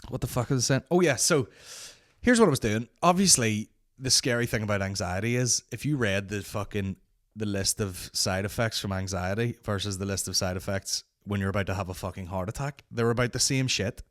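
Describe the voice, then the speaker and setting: With a Northern Irish accent, a man hosts a comedy podcast and tells a story casually, swearing constantly and slipping into other people's voices. His voice is lowish and a little fast, recorded dry at studio quality.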